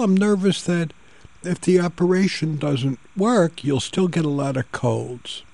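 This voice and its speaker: Gravelly-voiced older male radio host. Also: a little high. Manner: gentle storytelling. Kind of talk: radio talk show.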